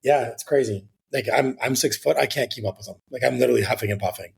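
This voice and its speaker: A man's voice: mid-range voice, fast, gravelly, breathy edge. A man, a real estate agent guest on an interview podcast, telling a rambling anecdote in a casual way with the odd swear word.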